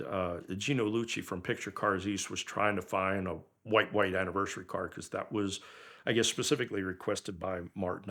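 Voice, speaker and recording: A middle-aged man casually telling a story about his car, lively and acting out what others said. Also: on the low side. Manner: animated, acts out others' lines in quoted voices.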